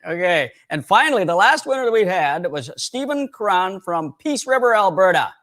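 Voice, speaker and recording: A man from Canada co-hosting a fishing show livestream in casual chat, animated and quick to laugh as he reads out winners. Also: high-pitched.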